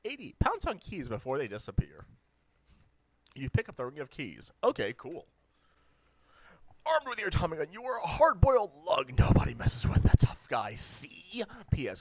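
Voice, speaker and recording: Animated hammy webcomic reader. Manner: hammy, jokey, swings between deadpan and shrill outbursts. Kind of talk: reading a webcomic aloud with reactions.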